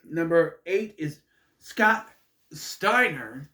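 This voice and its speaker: A man's voice: on the high side, sing-song, takes it slowly, sharp tone. A man rambling through a casual, jokey recap monologue with asides. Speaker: wrestling recap vlogger. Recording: echoey room.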